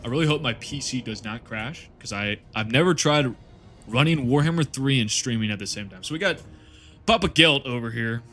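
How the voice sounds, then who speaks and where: A man's voice: medium pitch, animated, brisk, fairly bright tone, faint music behind. A man chatting casually to his viewers on a live stream while playing a game, rambling, laughing and swearing freely.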